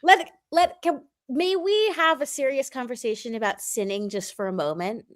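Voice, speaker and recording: A woman's voice: sits high, moderate pace, dry recording, studio quality. A woman co-hosting a casual chat, throwing in quizzical, teasing asides. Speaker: co-host.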